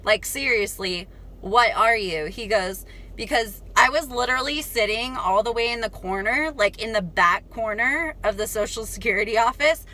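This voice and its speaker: A woman's voice: on the high side, moderate pace, pushed and bright. A young adult woman telling a casual storytime vlog, chatty, laughing and talking straight to her viewers. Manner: chatty, addresses viewers as "you guys", laughs often. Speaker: vlogger.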